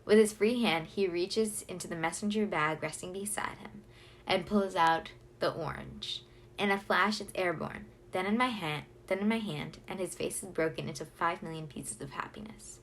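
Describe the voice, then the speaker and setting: A woman reads a novel aloud in the first person, expressive and lively. Her voice is on the lower side, with a faint hum of room ambience underneath. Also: moderate pace. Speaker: audiobook reader.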